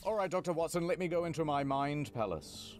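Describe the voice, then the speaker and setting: A comedy co-host who makes pompous, mock-detective deductions while commenting on a game. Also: male voice, on the high side, lively intonation, a little fast, soft background music.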